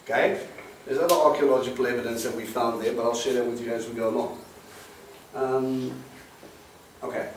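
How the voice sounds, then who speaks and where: A man's voice: medium pitch, fairly even intonation, brisk, pauses often. Man teaching Bible in an echoey room. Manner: explains Hebrew words, quizzes the class. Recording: roomy, distant mic with faint hiss.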